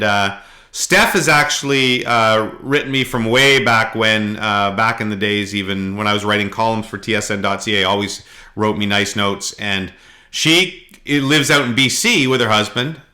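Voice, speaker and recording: A middle-aged man from Canada, co-hosting a podcast and telling animated anecdotes in casual chat. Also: on the low side, normal speed. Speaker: podcast co-host.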